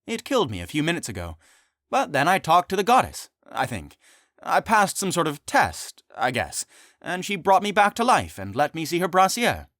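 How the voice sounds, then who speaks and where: A man voicing an earnest young male knight who rambles in a quick, upbeat way. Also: a little high, wildly swooping pitch, fairly bright tone, no echo, clean studio sound, pitched above the performer's own voice. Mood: excited. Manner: rambling, upbeat, a bit sheepish.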